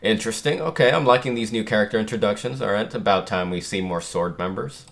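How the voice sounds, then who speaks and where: Low-voiced man excitedly reacting to manga. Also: fast talker, vocal fry. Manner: casual, animated reactions, reads panels aloud. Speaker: channel host. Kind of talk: manga chapter reaction and reading aloud.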